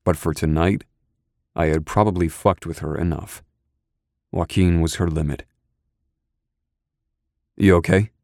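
A man's voice: deep voice, fairly even intonation, moderate pace, pauses often, dark tone, no room sound, clean studio sound. A man narrating an audiobook in the first person, brooding, intense and controlled.

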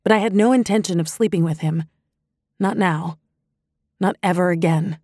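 In a measured, even storytelling style, a woman narrates a first-person audiobook. Her voice sits on the low side, and the recording is clean studio sound with no echo.

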